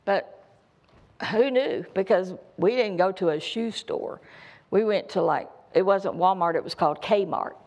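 A woman's voice: medium pitch, unhurried, a little mellow. A middle-aged woman preaching a sermon, telling folksy, humorous personal stories.

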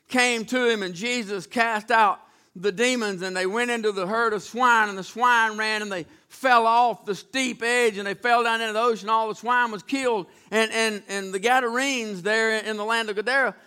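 A man's voice: very high voice, pushed and bright, clean tone. A man preaching a sermon, retelling Bible stories in a folksy, dramatic way with acted-out voices. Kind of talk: storytelling sermon.

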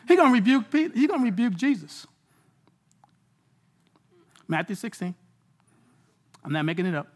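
A man preaching a sermon in a casual, slangy way, moving between loud bursts and hushed lines. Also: high-pitched, sing-song, moderate pace, long pauses.

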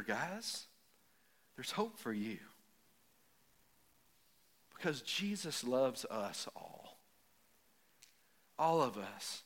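A middle-aged man preaching a sermon with folksy stories, building from quiet reflection to emphatic punch lines. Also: mid-range voice. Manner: folksy storytelling, rising to emphatic, builds up to jokes. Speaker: pastor. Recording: echoey hall with long reverb.

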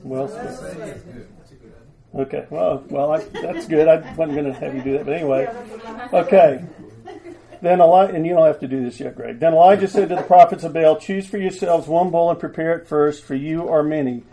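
A man's voice: a little high, a little fast, creaky, mellow, low-quality recording. A man preaching who reads scripture aloud and jokes as he directs volunteers acting it out. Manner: jovial, directing volunteers with asides. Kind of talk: sermon reading scripture aloud.

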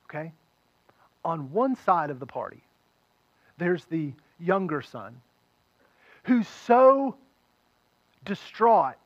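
A man pastor preaching a sermon, retelling a story with animated delivery and acting out the characters' voices. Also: fairly high pitch, dry recording, dull audio.

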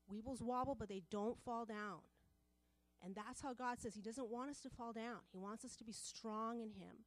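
A woman preaching a sermon to a women's group, passionate and repetitive, building in volume as she presses her points. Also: on the high side.

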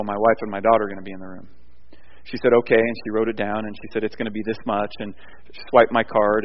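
A man preaching a sermon, moving between loud emphatic points and quiet, rambling storytelling with frequent restarts. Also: fairly low pitch. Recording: dull sound with long hall reverb.

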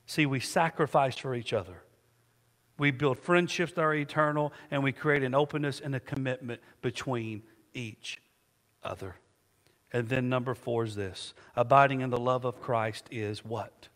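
A man's voice: medium pitch, moderate pace, fairly bright tone. A middle-aged male pastor preaching a sermon in a church, emphatic and rhetorical, asking the congregation questions and answering them. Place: church sanctuary. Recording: long church reverb.

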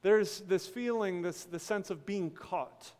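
A man, a pastor, preaching a sermon with dramatic pauses, dropping from loud to hushed and breaking into casual storytelling. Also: high-pitched. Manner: casual storytelling with quick asides. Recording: long hall reverb.

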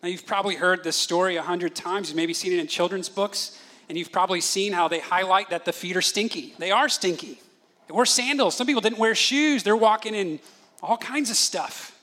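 Male pastor, 30s, high bright voice, animated sermon delivery with acted-out voices. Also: a little fast. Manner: animated storytelling, acts out voices of his children.

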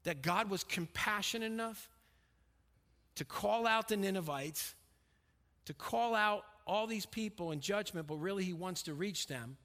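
A man with a high-pitched voice preaches a verse-by-verse sermon, pressing his points hard and then dropping to a hush. His voice rings with the long reverb of a large hall. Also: a little slow. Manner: emphatic, swings between raised and hushed delivery. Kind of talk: expository sermon on scripture.

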